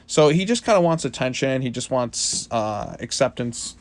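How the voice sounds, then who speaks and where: A man's voice: medium pitch, lively intonation, normal speed. A man reviewing a comic book issue in a casual, rambling monologue full of fillers.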